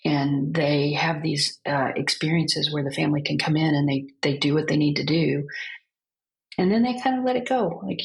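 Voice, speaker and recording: A woman with a low voice and a gravelly edge talks slowly and gently, as an end-of-life counselor on a podcast. She tells her stories with thoughtful pauses. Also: rough recording. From United States. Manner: gentle, unhurried storytelling with pauses. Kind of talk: reflective podcast conversation.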